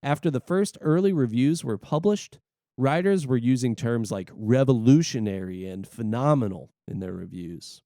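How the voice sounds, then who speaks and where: A man's voice: medium pitch, expressive, normal speed, warm tone, dry recording, clean studio sound. A man co-hosting a gaming podcast, reading notes and chatting in a laid-back, wisecracking way. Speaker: podcast co-host. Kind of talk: reading notes and casual chat.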